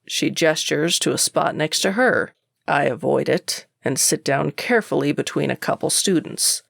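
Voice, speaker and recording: A woman reads a first-person audiobook with a sardonic, even delivery. Her voice has a gravelly edge at a middle pitch. The recording is dry and close. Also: dry recording. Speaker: audiobook narrator.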